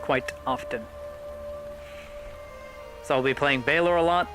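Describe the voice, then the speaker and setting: A man's voice: mid-range voice, unhurried, music in the background, poor audio. A man streaming a roleplay game, chatting casually and joking between scenes, swearing freely.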